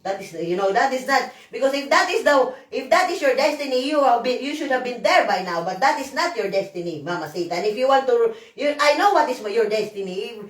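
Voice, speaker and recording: Woman vlogger, high voice, hoarse, swearing and rambling, echoey room. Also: lively intonation, fairly quick, few pauses, distant mic. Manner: profane, rambling, emphatic. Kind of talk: emotional rant to camera.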